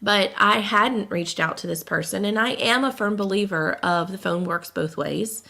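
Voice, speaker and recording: A woman's voice: mid-range voice, moderate pace, vocal fry, sharp tone. A woman co-hosting a casual podcast, venting emotionally and holding back tears. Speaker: podcast co-host.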